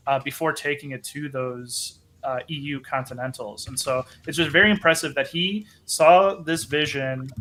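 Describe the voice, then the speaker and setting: A man's voice: fairly high pitch, bright, forceful tone, a little hiss or hum. A man casting a live card game, speaking earnestly and admiringly about a player. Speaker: caster.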